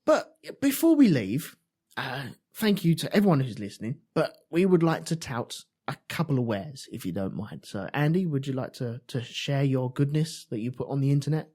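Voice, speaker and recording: A man co-hosting a casual podcast chat, animated and prone to swearing. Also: medium pitch, moderate pace, husky. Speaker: podcast co-host.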